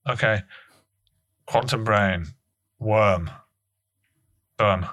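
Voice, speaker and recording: A man co-hosts a comedy podcast with deadpan, mock-serious banter. His voice sits a little low. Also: extremely slow. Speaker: podcast co-host.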